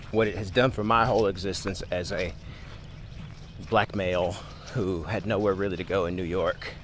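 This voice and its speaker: Brief: male actor, low voice, earnest testimonial, faint background noise. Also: fairly bright tone. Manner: earnest, heartfelt. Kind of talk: heartfelt testimonial.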